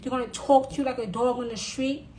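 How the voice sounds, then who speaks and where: A woman giving forceful advice in a monologue, hammering her points home by repeating them. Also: a little high, fairly even intonation, quick pace, a little hiss or hum, rough recording. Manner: insistent, repeating phrases for emphasis. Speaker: witch sharing advice. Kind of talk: emphatic monologue to camera.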